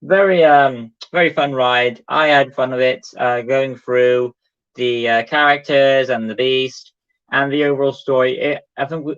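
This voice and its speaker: A man's voice: mid-range voice, a bit bright. Young guy rambling on a casual stream, lots of ums, kinda dull lo-fi sound. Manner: rambling, hesitant, many fillers. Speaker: co-host ranking books. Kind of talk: casual livestream chat. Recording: dull lo-fi audio.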